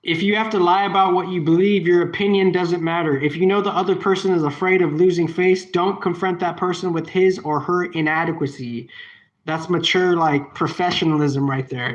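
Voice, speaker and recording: A man's voice: sits high, a bit bright. A man reading advice aloud and breaking off into rambling, profane asides, sometimes repeating a phrase over and over like a chant. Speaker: solo video host. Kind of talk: reading a text aloud and riffing on it. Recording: dull lo-fi recording.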